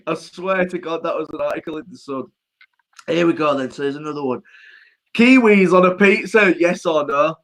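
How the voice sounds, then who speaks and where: A man's voice: fairly high pitch, normal speed, a bit bright. A man co-hosting a podcast, bringing up news topics in casual chat and laughing a lot. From England. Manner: giggly, keeps laughing at his own topics. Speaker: podcast co-host.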